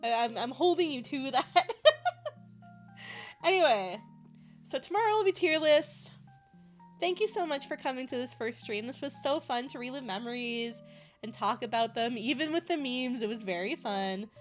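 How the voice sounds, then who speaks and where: A woman's voice: high-pitched, animated, moderate pace, soft background music. A woman live streamer chatting casually with her viewers, playful and a bit loopy, laughing constantly as she talks.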